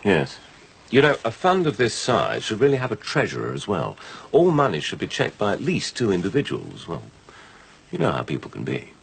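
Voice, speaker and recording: A man playing a smooth-talking, scheming businessman who persuades people gently in a TV soap drama. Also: lowish voice, wildly swooping pitch, normal speed, heavily acted.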